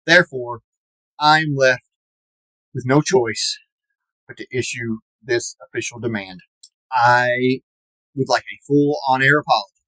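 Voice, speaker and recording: A man's voice: medium pitch, bright, forceful tone, no room sound, rough recording. Indignant man in his forties ranting. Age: 40s. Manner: indignant and self-pitying, with drawn-out dramatic emphasis. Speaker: aggrieved podcast fan. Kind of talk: mock-serious comedic rant.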